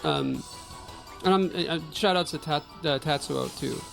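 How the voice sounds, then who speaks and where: A man co-hosting a gaming podcast, telling stories in an animated, swearing, laughing way. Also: a little high, a little slow, vocal fry, faint music behind. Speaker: podcast co-host. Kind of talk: casual profane storytelling.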